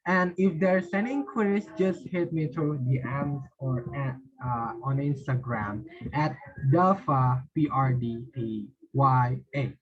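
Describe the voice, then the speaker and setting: A man leads a pronunciation drill at a very unhurried pace. He reads words one by one and stumbles through explanations, repeating phrases with fillers. The lo-fi recording sounds dull and muffled. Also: mid-range voice. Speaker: English pronunciation teacher. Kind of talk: slow word-list drill and explanation.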